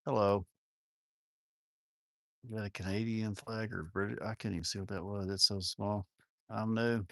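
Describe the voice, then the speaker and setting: A man's voice: lowish voice, flat delivery, normal speed, creaky, sharp tone, dry recording, clean studio sound. Joking man hosting a farm livestream. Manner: rambling, joking and self-mocking, with crude words. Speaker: livestream host of a cattle farm channel. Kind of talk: casual live-stream chat reading viewer comments.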